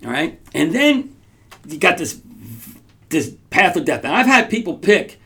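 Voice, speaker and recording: Male podcast host, fairly high voice with some grit, casual storyteller who restarts lines. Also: measured pace, vocal fry. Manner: animated, rambling with restarts and frequent "right?".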